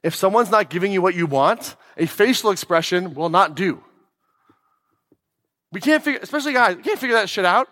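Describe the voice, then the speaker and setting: A man with a slightly high voice delivers a blunt, emphatic motivational talk to an audience. He swears freely and throws questions at the room. The sound carries a long reverb tail, as if from a large hall. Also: animated, a little fast, bright, forceful tone. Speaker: podcast host giving a talk.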